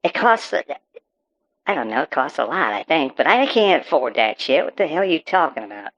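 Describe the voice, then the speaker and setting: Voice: medium pitch, big pitch swings, brisk, fairly bright tone. A performer playing a paranoid rural farmer who rambles and stammers through profane rants about super pigs. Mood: ranting. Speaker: interviewee on a call-in show. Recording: dull, muffled audio.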